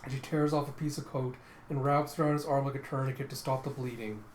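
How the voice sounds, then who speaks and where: A man's voice: medium pitch, steady tone, quick pace. A man casually narrating a comic readthrough in a rambling play-by-play with fillers. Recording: roomy echoey room with faint hiss.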